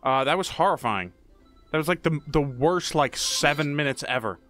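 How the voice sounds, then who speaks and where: A young man narrates his horror game playthrough in a goofy, jumpy way. His voice sits fairly high and bright and swings widely. He mutters under his breath between sudden startled shouts. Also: animated, moderate pace, soft background music. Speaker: gaming YouTuber.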